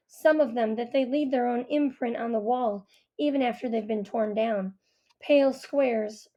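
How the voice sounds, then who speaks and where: A woman narrating a first-person audiobook in a quiet, reflective way. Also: on the high side, highs cut off. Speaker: audiobook reader.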